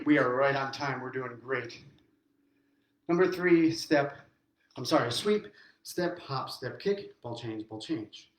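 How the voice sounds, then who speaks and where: A man's voice: a little high, slight background noise. A middle-aged man teaching a swing dance lesson online, counting steps aloud while he dances, upbeat. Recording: very echoey room.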